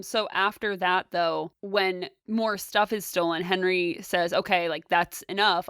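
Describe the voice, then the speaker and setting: A woman's voice: fairly low pitch, smooth, no room sound, clean studio sound. A young woman co-hosting a podcast, chatting casually and retelling scenes with lots of laughter. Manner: giggly, animated retelling. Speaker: podcast co-host. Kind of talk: casual chat.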